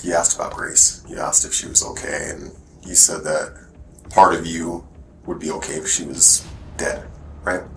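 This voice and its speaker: A man questioning a suspect in a police interview, calm and steady. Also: very deep voice, normal speed, gravelly. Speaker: detective. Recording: noisy interview-room recording.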